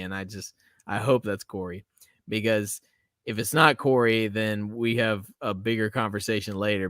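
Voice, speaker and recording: Man, live-stream host, bright voice, dry sound, chatty and laughing. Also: lowish voice, no echo. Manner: chatty, laughing, swears freely. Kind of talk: casual live-stream chat.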